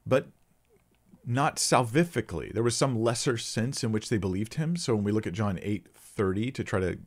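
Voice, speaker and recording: A man hosting a Bible question-and-answer session, explaining scripture in a relaxed, unscripted way, often thinking aloud and restarting his sentences. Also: fairly low pitch, moderate pace. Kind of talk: casual unscripted Bible teaching.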